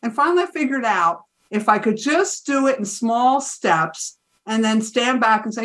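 Reflective woman guest, fairly high. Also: expressive, moderate pace, fairly bright tone. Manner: reflective storytelling. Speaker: guest, author. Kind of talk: interview talk.

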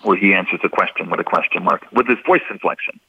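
Low husky man on a phone line. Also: quick pace, dry recording. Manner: patient and methodical, repeats key points. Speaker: interview guest explaining statement analysis. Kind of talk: instructive radio interview.

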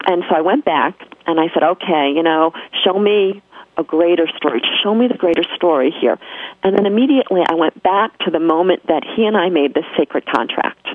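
A woman's voice: fairly low pitch, animated, brisk, breathy edge, no room sound. A woman with a New York accent, telling a personal spiritual story as an interview guest, earnest and emphatic with frequent restarts. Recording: tinny phone line, dry.

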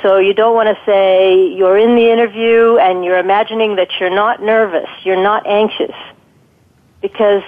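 A woman speaks over a thin, tinny telephone line, her pitch sitting in an ordinary middle register. She explains her advice patiently and thoughtfully, often pausing with ums as she works through her points. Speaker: guest expert on guided imagery. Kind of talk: conversational interview advice.

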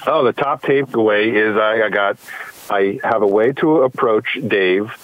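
Low-voiced male caller, thoughtful. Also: a little slow, phone-quality sound. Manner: thoughtful, agreeable, frequent ums. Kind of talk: call-in conversation.

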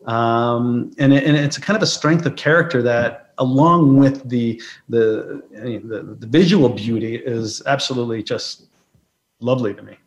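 Man guest, mid-pitched, reflective anecdotes, roomy echo. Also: normal speed, lo-fi sound. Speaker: guest, photographer. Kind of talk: conversational interview storytelling.

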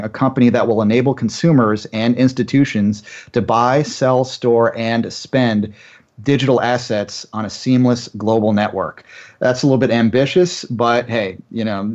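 A man's voice: medium pitch, darkish tone, muffled recording. A man as a guest analyst on a finance radio show, talking in a chatty way with many uh fillers and giving confident opinions.

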